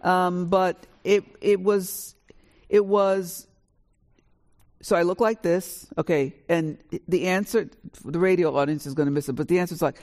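A woman in her sixties from New York, an author telling her family story on a live panel in a lively, animated way. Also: lowish voice, unhurried. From New York, USA. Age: 60s. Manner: lively, animated storyteller who acts out dialogue. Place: college auditorium with a live audience.

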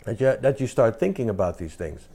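A man's voice: medium pitch, lively intonation, brisk, mellow. A man leading an informal spiritual talk, pressing his listeners with repeated questions and emphatic asides. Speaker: spiritual teacher.

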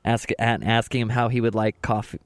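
A man co-hosting a podcast, telling anecdotes in a laid-back, deadpan way. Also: medium pitch, fairly quick, no echo. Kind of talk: casual chat.

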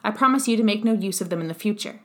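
A woman reads a bitter old revolutionary on his deathbed, fierce in argument. The delivery stays even and measured, at a medium pitch, like an audiobook passage. There is little put-on voice. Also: close to an everyday voice. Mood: indignant. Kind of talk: audiobook character reading.

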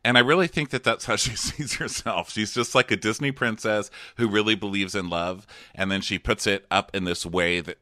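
A man's voice: lowish voice, normal speed, few pauses, pushed and bright, no echo, clean studio sound. A man co-hosting a podcast, chatting sarcastically about a TV show and laughing often. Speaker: podcast co-host. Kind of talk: casual chat recapping a TV show.

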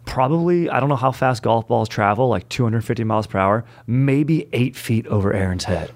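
A man's voice: mid-range voice, fairly quick. A young adult man hosting a casual chat, telling stories in laid-back bro slang. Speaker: podcast host.

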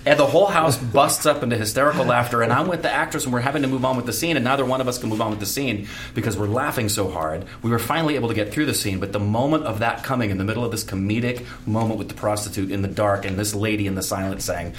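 A man's voice: medium pitch, quick pace, few pauses, fairly bright tone, slight background noise. A man in his forties, an actor guest on a radio talk show, telling a theatre story in an earnest, plain way. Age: 40s.

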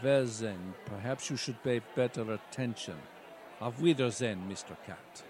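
A man voicing a menacing older male tycoon villain with a German accent, speaking slowly. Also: mid-range voice, sing-song, a little mellow, a little hiss or hum, pitched below the performer's own voice.

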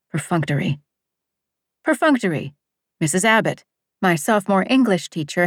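A woman narrating a novel in the first person, measured and lyrical, dropping at times into a hush. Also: on the low side, no echo, clean studio sound. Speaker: audiobook narrator.

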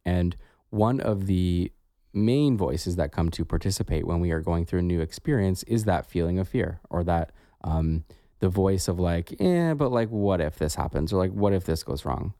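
A man's voice: low voice, moderate pace, dark tone, no echo, studio quality. A man co-hosting a podcast, talking in a reflective, casual way with many "like" fillers. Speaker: podcast co-host.

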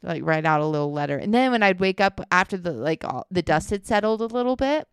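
A woman co-hosting a casual chat about her relationship, animated and laughing, swearing freely as she tells stories. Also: fairly low pitch, fast talker, smooth, dry recording, studio quality. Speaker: co-host.

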